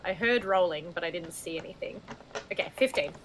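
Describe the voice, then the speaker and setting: A woman's voice: lowish voice, fairly quick, background noise. A woman playing a tabletop game, casual and joking. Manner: joking, laid-back. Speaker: player.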